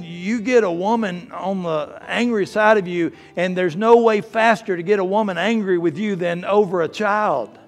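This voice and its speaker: A man preaching a sermon as pastor, swinging from hushed, slow lines to loud, fervent ones. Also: high-pitched. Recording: faint guitar music behind. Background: soft guitar playing.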